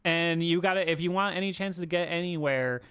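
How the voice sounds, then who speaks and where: A man co-hosting a casual sports podcast, animated and ranting, swearing freely as he talks through a schedule. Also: a little high, fairly quick, smooth. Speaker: podcast co-host.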